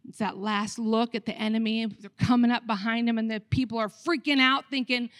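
A woman pastor preaching a sermon, telling the story with animated acted-out voices of the people. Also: fairly high pitch, fairly quick, hardly any pauses, no echo, studio quality.

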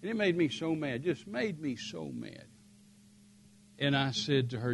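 An older man telling a story in a sermon, emphatic and rising to forceful peaks. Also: on the high side, expressive, normal speed, gravelly, slightly rough. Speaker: preacher.

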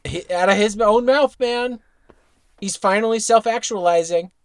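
A man's voice: sits high, moderate pace, clear, resonant tone, no echo, clean studio sound. A man co-hosting a podcast, chatting casually about a cartoon and ranting emphatically with heavy swearing. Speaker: podcast co-host. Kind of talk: casual chat reviewing a cartoon episode.

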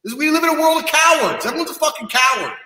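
In a room with long, echoing reverb, a kickboxing champion on a podcast rants brashly, swearing and bragging about himself. His voice is very high-pitched, animated, fast, pushed and bright.

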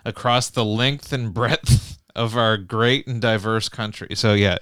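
A man's voice: lowish voice, steady tone, measured pace, a bit bright, smooth, no room sound. A man co-hosting a comedy podcast, reading article quotes aloud with mock-serious flair. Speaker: podcast co-host.

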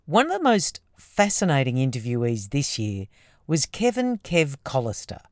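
Low-voiced woman hosting podcast. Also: moderate pace, faint music behind. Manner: lively, scripted introductions. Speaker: podcast host. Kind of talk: podcast interview narration.

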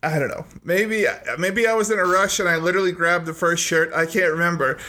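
A man's voice: sits high, fairly even intonation, brisk, bright, forceful tone. A man with a slightly raised voice spins long, rambling stories in a casual chat. He pokes fun at himself and often laughs as he talks. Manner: rambling storyteller, self-deprecating, laughs often.

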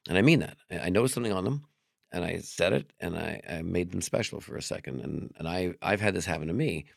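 A man's voice: low voice, vocal fry, no echo, clean studio sound. A man speaking as a magician and comedian guest on a casual interview show, telling stories candidly with some swearing and acting out the dialogue of the people in them. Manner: animated storyteller who acts out quoted dialogue.

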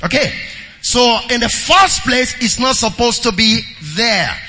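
A man preaching to his congregation in a very bright, high voice. He calls out for amens, reads scripture aloud, and moves between quiet asides and shouted lines. His voice rings with a long reverb in a church hall. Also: animated, measured pace. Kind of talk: sermon with scripture reading.

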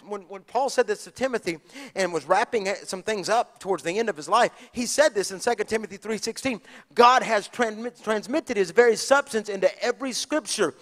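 A man preaching a sermon, moving from hushed asides to shouted, passionate lines. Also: extremely high pitch. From Texas. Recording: long hall reverb.

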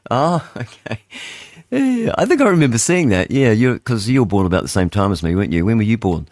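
A man in his sixties hosts a radio show with a somewhat low voice. He rambles through headlines in a loose, chatty way, thinking aloud as he goes. The studio sound is close and dry. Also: big pitch swings, a little fast, a little mellow, no echo. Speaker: radio host. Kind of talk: casual radio chat, reading headlines aloud.

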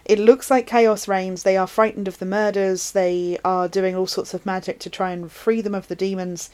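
A woman's voice: medium pitch, smooth. Chatty woman discussing films. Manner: animated, chatty, quick asides. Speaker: podcast co-host. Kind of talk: casual film discussion.

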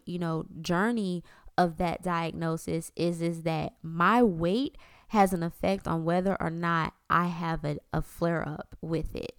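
A woman's voice: on the low side, smooth, no echo. A woman in her thirties hosting a faith-based podcast in a candid, conversational way, acting out her inner voices. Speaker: podcast host.

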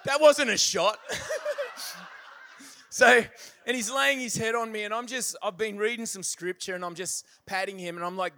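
Animated man preaching. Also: sits high, normal speed, no room sound. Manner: animated storytelling, laughing often. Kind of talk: sermon. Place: church service.

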